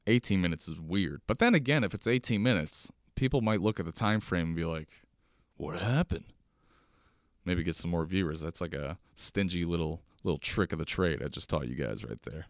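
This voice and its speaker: A man's voice: deep voice, animated, brisk, few pauses, dry recording, studio quality. A young man hosting a casual solo podcast from his kitchen table, rambling and joking with plenty of swearing. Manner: rambling, profane, jokey. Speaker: podcast host.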